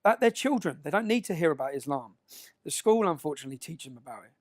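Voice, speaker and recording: A man giving an emphatic speech to an audience, often checking in with a quick "yeah?". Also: fairly high pitch, animated. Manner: emphatic, keeps asking "yeah?" to the crowd. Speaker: public speaker.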